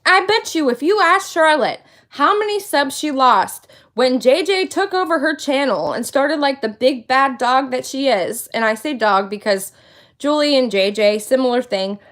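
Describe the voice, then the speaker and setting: A woman's voice: high-pitched, lively intonation, normal speed, a bit bright. A woman in her late thirties hosting a casual livestream, venting with indignant, emphatic talk and repeating her points for emphasis. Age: 30s. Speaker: livestream host.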